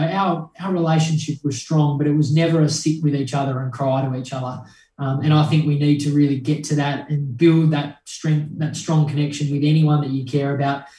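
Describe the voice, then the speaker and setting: A man's voice: on the high side, warm tone. A young man, a guest in an interview, speaking earnestly and reflectively with many ums and restarts. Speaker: guest, mental health charity founder. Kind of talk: conversational interview. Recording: roomy echo, mic at a distance.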